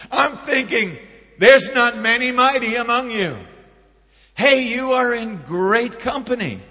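A man preaching a sermon, swinging between loud emphatic peaks and hushed storytelling. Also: very high-pitched, lively intonation, slow, long reverb tail. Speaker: pastor.

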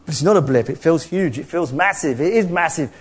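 Brief: male preacher, high voice, animated sermon with humor. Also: a little fast, slight background noise. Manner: animated, jokey preaching with mocking put-on voices.

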